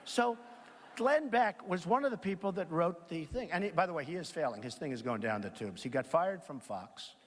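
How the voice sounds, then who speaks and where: A man's voice: on the high side, lively intonation, moderate pace. A man giving a campaign rally speech, rambling, boastful and repetitive, into a podium microphone. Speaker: political candidate. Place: large hall at a college event. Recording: echoey reverb of a large hall.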